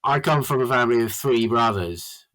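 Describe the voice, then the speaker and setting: A man's voice: medium pitch, animated, normal speed, fairly bright tone. A man talking casually as a podcast guest, rambling and earnest, with lots of fillers. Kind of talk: casual chat.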